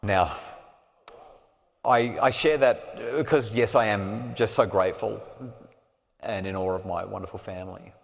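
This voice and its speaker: A man's voice: lowish voice, a little slow, gravelly, pauses often. Man telling a story in a hall. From Australia. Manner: earnest, drops to a soft hush at emotional moments. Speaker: parenting speaker. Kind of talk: live storytelling talk. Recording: long reverb of a hall.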